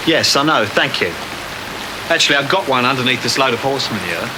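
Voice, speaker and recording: A man plays a sly British peasant who dodges questions with dry sarcasm. Loud rain pours down behind him outdoors. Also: medium pitch, expressive, fairly quick, background noise, natural voice. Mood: sarcastic. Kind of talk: sitcom acting.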